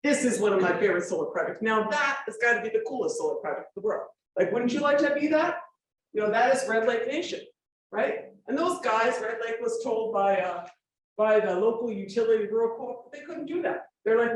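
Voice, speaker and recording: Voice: medium pitch, brisk, slight background noise. Forum speaker, informal lecture with slides, emphatic, rhetorical questions, distant from the mic, big echoey room, faint background ambience. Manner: emphatic, rhetorical questions, checks listeners follow.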